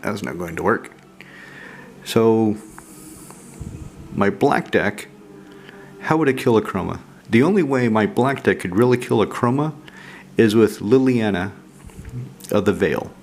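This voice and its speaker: A man casually walking through his card game deck, relaxed and rambling with frequent fillers. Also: on the low side, a little hiss or hum. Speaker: card game channel host.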